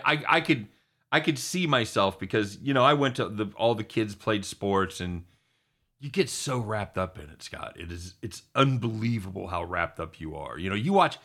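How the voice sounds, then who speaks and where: A middle-aged man hosting a sports talk show, excitable and chatty, often calling his co-host by name. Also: fairly low pitch.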